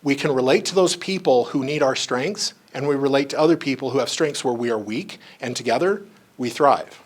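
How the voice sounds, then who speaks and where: Man, training lecture, conversational, mid pitch, slips into voices for anecdotes. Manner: conversational, acts out quoted voices in stories; frequent asides like "you know" and "right". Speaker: psychologist giving a staff training.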